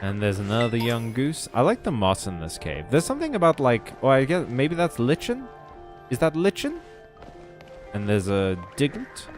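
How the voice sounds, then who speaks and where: A man's voice: mid-range voice, wildly swooping pitch, moderate pace, soft background music. A man giving joking commentary over a video game playthrough, full of sarcastic asides. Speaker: let's play host.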